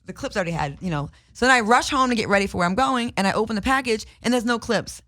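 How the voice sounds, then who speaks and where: A woman co-hosting a podcast in a studio, telling a story in an animated, profane way. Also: on the high side, fast talker. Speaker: podcast co-host. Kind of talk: casual chat, storytelling.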